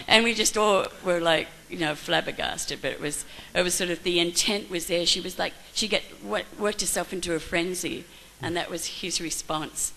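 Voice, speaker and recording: An older woman telling a gathering a personal story, lively and casual, using "like" and "you know". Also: lowish voice, normal speed, creaky, poor audio. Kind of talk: anecdote told to a gathering.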